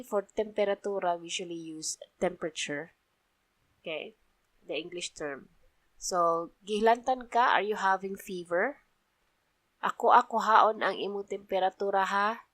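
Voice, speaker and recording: A woman with a Cebuano accent teaching a slow vocabulary lesson, patiently explaining each word and often checking with "okay?". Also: mid-range voice, a bit bright, no echo. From Philippines. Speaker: language teacher.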